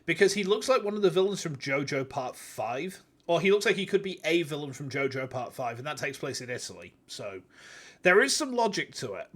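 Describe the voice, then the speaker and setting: A man's voice: fairly high pitch, sing-song, a little fast. A man in his thirties casually chatting and swearing while streaming a game. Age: 30s. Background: game music.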